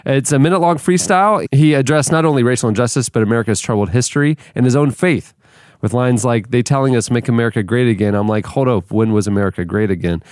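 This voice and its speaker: A man's voice: mid-range voice, fast talker, a little mellow, smooth, no room sound, clean studio sound. A man hosting a podcast in a chatty, loose way. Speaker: podcast host. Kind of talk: casual chat.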